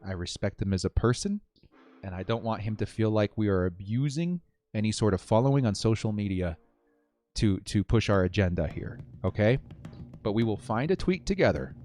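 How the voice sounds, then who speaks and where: A man hosting a live sports watch-party stream, cheering loudly one moment and muttering nervously the next. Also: fairly low pitch, normal speed, faint music behind. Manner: excitable, swings from loud cheering to quiet nervous muttering.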